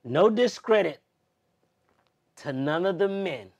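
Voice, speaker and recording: A young adult man as an interview guest, speaking heartfelt and expressive, moving between loud emphasis and soft, near-tearful moments. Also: sits high, slow, gravelly. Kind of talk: emotional personal interview.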